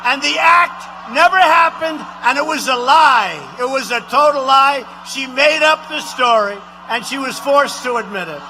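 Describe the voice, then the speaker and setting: A man doing a high, bragging president at a rally. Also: lively intonation, a little slow, hardly any pauses, noisy background. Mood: boastful rally. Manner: repetitive, rambling, bragging, with sudden shouted lines. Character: boastful, rambling male president addressing a rally crowd. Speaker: impressionist. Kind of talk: political impression, rally speech.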